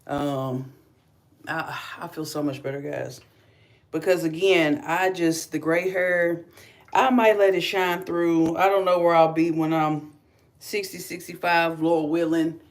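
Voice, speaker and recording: A woman's voice: low-pitched, steady tone, a little slow. Middle-aged Kentucky woman, light Southern drawl, chatty livestream host talking viewers through each step. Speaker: beauty vlogger. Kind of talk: casual livestream tutorial.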